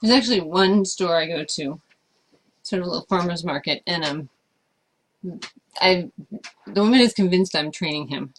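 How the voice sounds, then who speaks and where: A woman's voice: lowish voice, moderate pace, long pauses, a little hiss or hum. A woman chatting casually as she answers viewer questions about life with her service dog, thoughtful and hesitant, with frequent fillers. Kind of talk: casual Q&A chat.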